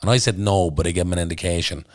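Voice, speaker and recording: Fast-talking deep-voiced Dublin man. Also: darkish tone, dry recording. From Ireland. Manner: blunt, swears freely, intense. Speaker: podcast guest. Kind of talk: candid storytelling in conversation.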